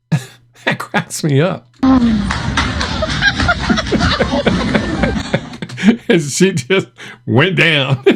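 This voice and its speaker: A man's voice: mid-range voice, a little mellow. A middle-aged man hosting a reaction video, telling stories in a chatty way and laughing often. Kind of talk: casual reaction commentary.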